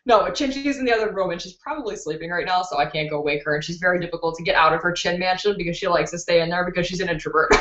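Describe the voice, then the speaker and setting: Talking fast in a low-leaning, slightly bright voice, a young beauty streamer takes viewer questions from home. She keeps it casual and candid, laughing easily throughout. Her laptop's built-in microphone leaves the recording dull and roomy.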